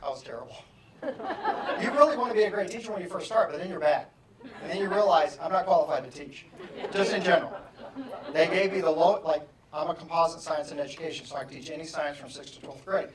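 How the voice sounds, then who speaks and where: A man giving a motivational keynote, telling a story with animated, self-mocking humor. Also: a little high, fast talker, a crowd in the background. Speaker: motivational speaker. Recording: echoey hall from far off.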